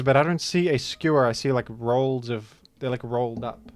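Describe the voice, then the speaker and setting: A man's voice: mid-range voice, moderate pace, soft background music. A man giving casual, rambling gameplay commentary, full of jokes and mock-outraged asides. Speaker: gaming video host.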